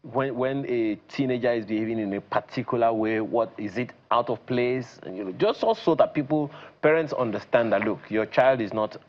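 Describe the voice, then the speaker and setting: A man with a Nigerian accent hosting a studio talk show and asking measured questions. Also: medium pitch, expressive, muffled recording.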